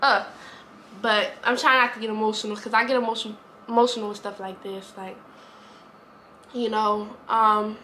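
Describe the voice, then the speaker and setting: A woman's voice: mid-range voice, little pitch movement, moderate pace, pauses often, bright, forceful tone, a little hiss or hum. A woman, talking earnestly to camera in a rambling, repetitive way. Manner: earnest, rambling, repeats herself. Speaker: vlogger. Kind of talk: heartfelt casual talk to camera.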